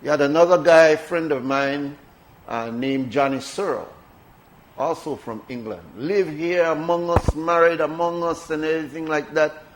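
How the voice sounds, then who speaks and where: A man's voice: on the high side, moderate pace, poor audio. Belizean man hosting a radio show. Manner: conversational, emphatic with repetition. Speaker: radio talk show host. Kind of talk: casual radio chat.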